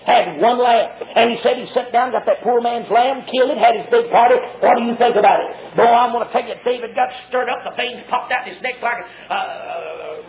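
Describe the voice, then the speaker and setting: Fiery preacher, high and shouting. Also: male voice. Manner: fiery, shouting, drawn-out emphatic lines. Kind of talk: revival sermon. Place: church before a congregation. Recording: dull lo-fi sermon tape.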